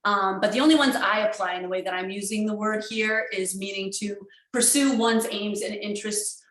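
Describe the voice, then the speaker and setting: A woman giving a conference keynote over a video call, talking in an energetic, emphatic way with many fillers and restarts. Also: mid-range voice, moderate pace, echoey room, low-quality recording. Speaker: keynote speaker.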